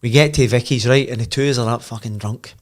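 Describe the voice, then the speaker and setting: A Scottish man in his fifties with a Glasgow accent, a podcast guest telling old football stories in a lively way, swearing and laughing as he goes. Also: medium pitch, fast talker. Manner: animated, laughs and swears freely while telling. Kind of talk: casual anecdote storytelling.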